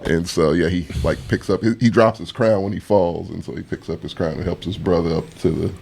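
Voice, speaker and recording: Low-voiced man swearing casually. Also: fairly even intonation, fairly quick, creaky, darkish tone, slight background noise. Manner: profane, laughs easily. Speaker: podcast co-host. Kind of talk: casual chat.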